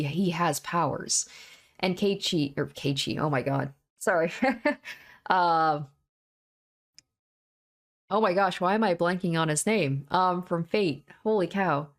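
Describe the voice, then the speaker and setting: A woman streaming a visual novel, breaking off the reading for animated, rambling casual commentary. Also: on the low side.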